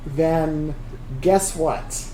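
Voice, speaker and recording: A game master narrating a tabletop game in a relaxed, hesitant way with many fillers, recorded in an echoey room with faint noise. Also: mid-range voice, drawn-out words.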